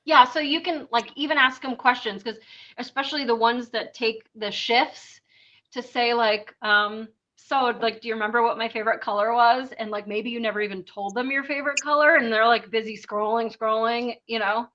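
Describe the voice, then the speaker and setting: A woman's voice: a little high, normal speed, sharp tone, lo-fi sound. A woman co-hosting a podcast, chatting casually and sarcastically with many fillers. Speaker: podcast co-host. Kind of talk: casual chat.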